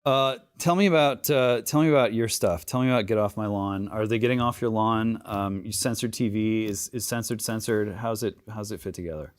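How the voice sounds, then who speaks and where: A man with a fairly low voice hosts a casual interview. He speaks in a relaxed, loose way, sprinkling in fillers as he steers the talk with questions. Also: a little fast, hardly any pauses, clean tone. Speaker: host.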